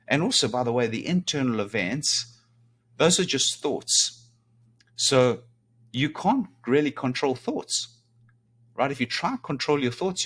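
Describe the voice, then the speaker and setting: A man's voice: mid-range voice, a bit bright. A middle-aged man giving a self-help talk in a casual way, often asking "right?" to check in with his listener. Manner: conversational, rhetorical "right?" asides. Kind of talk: video talk.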